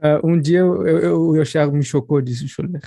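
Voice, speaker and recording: Fast, dark-toned Brazilian interpreter man. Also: on the high side, fairly even intonation, gravelly, dry recording, studio quality. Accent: Brazilian Portuguese. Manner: rapid, relaying others' words. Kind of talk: live consecutive interpreting.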